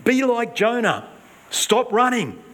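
A man preaching a sermon in an earnest, emphatic way, swinging between raised urgency and hushed emphasis. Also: very high voice, sing-song, slow pace.

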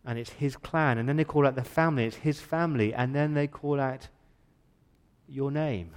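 A man's voice: mid-range voice, moderate pace. A male pastor preaching an earnest, emphatic sermon in a church, often repeating words as he builds his point.

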